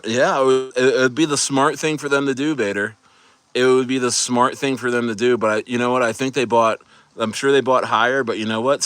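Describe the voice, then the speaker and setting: A man's voice: medium pitch, fairly bright tone, clear, resonant tone, no echo. Hyped rambling male livestream host. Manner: hyped, rambling, laughing often. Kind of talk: casual livestream chat.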